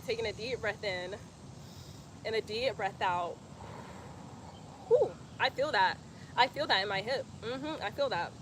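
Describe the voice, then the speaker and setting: Bright-voiced woman leading yoga. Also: on the high side, slight background noise. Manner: playful, chatty, laughs often, breathy cues. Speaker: yoga instructor. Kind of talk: live-streamed yoga class, reading comments. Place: outdoors.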